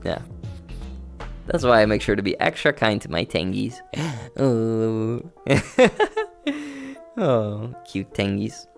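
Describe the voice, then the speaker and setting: A man's voice: on the low side, expressive, takes it slowly, vocal fry, pauses often. Easygoing man chatting on a stream. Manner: easygoing, rambling, talks to chat. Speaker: livestreamer. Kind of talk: casual stream chat with viewers. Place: home streaming setup, playing in VR. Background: faint background music.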